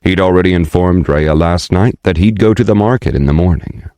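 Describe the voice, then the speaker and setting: A man reads a fantasy audiobook in a steady, measured voice on a close mic. His voice sits very low, and the recording is dry with no room sound. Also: clean tone, dry recording. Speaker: audiobook narrator. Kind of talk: scripted audiobook narration.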